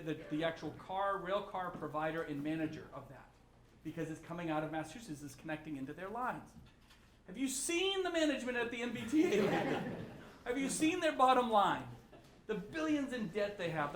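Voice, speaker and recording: A man, a state governor speaking bluntly and ranting at a forum, with quick asides. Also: high voice, a bit bright, slight background noise. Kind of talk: impassioned public remarks. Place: large echoey room with an audience. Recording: roomy echo.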